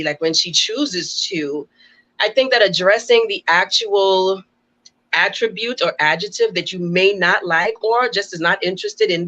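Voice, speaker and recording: A woman hosts a casual talk show, laying out her points in a measured, deliberate way. Her voice sits on the low side. The recording sounds dull and lo-fi. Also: a bit bright. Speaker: podcast host.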